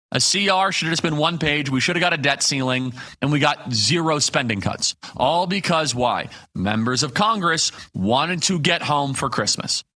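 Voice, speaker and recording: A man's voice: a little high, sharp tone. A man hosting a live political talk show, delivering emphatic commentary built on rhetorical questions and punchy lists.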